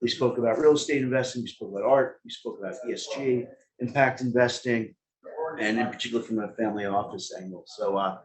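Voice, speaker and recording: A man's voice: medium pitch, quick pace, a crowd in the background, poor audio. A man with a Brooklyn New York accent, speaking as a family office advisor on a panel, rambling and joking with many fillers. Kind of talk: panel discussion.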